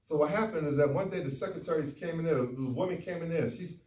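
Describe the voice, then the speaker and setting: A man's voice: a little high, fast. Folksy man speaking in an echoey hall. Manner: folksy, animated, talks straight to the audience. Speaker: doctor speaking at a men's conference. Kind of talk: conference talk. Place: conference room. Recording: echoey hall, far from the mic, faint noise.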